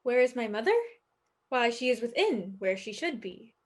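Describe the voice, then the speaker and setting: Woman voicing young girl, eager, impatient, high voice, staged reading. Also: animated, normal speed.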